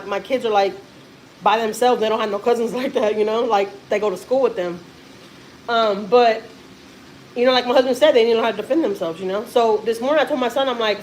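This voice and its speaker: A woman's voice: fairly high pitch, a little hiss or hum, rough recording. Rambling, emphatic woman vlogger. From Texas. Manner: rambling and emphatic, swears casually. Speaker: family vlogger and mother. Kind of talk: casual live-stream storytelling.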